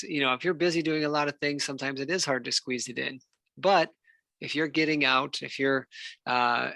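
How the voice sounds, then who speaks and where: Gravelly, bright-toned man giving a health talk. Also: fairly high pitch, no echo. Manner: relaxed and conversational, with many fillers and restarts. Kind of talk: unscripted talk. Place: church hall.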